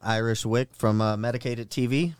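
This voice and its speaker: A man hosting a casual radio show, talking in a halting way with many restarts. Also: mid-range voice, fairly even intonation, clean tone, no room sound. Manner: halting, lots of uhs and restarts.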